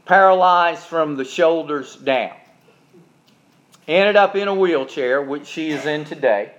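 A preacher man with a high voice delivers a sermon, folksy and emphatic, turning to his listeners with asides. The sound is dull and lo-fi, like an older recording. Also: measured pace, fairly bright tone, slight background noise.

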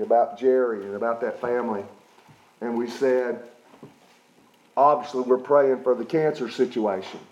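A man's voice: mid-range voice, a little mellow, reverberant, dull audio. A middle-aged man preaching a sermon as pastor, emphatic, often checking in with his listeners. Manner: emphatic preaching with repeated "okay?" check-ins.

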